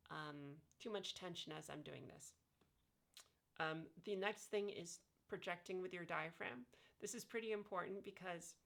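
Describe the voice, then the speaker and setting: A woman's voice: on the low side, vocal fry, sharp tone. A woman talking casually about her voice training, demonstrating vowel sounds with frequent fillers while lying on her back. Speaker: vlogger sharing voice training tips. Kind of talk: casual instructional talk.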